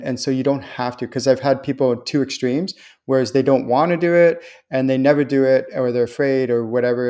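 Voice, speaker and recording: Guy doing a live stream, chatty and reassuring, middle pitched voice, acts out quotes all excited. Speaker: host and spiritual channeler. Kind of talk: live-stream talk answering viewer questions.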